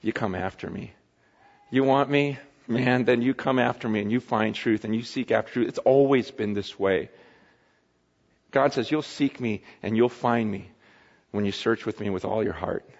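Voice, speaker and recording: A man pastor preaching a sermon with impassioned swings between loud pleading and hushed confession. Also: fairly low pitch, moderate pace, gravelly, long reverb tail, muffled recording.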